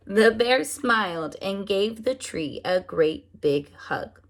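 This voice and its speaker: A woman preschool teacher reading picture books aloud to young children, animated and often asking them questions. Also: mid-range voice, slow. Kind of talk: storybook read-aloud for children.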